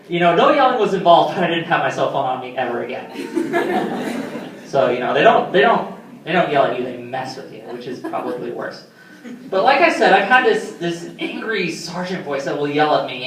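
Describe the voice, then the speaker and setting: A man's voice: on the high side, fairly bright tone. Young man telling rambling comic stories. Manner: rambling, self-deprecating, many fillers. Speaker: stand-up comedian. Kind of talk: stand-up comedy storytelling. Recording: roomy hall, mic from far off.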